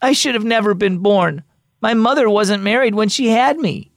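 A man's voice: high-pitched, normal speed, creaky, no room sound, studio quality, pitched above the performer's own voice. A man voicing a sniffling young boy who feels ashamed and sorrowful. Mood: tearful.

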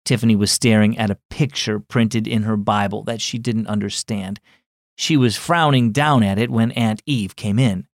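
A man's voice: on the low side, normal speed, no echo, clean studio sound. A man narrating a scripted children's devotional story and speaking directly to young listeners. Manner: warm teaching tone for children.

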